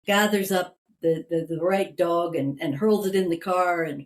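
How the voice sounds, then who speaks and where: A woman tells a family story on a podcast with lively energy. She acts out the voices of her relatives as she goes. Her voice sits a little low for a woman. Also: normal speed. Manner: animated anecdote telling, acting out family members' lines. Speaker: podcast guest. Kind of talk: storytelling in an interview.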